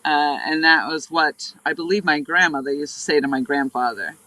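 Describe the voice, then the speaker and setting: Woman live-streaming from a riverbank, chatty and rambling, very bright tone, dry close sound. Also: sits low, normal speed, no echo, rough recording. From New Hampshire. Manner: rambling, chatty, greets viewers by name mid-story. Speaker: livestream host. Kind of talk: casual live-stream chat. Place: outdoors on a riverbank, fishing.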